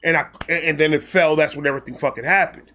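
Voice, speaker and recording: A man telling a personal story in a casual vlog, excitable, animated and full of profanity. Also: a little high, fast, slight background noise. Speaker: storyteller host.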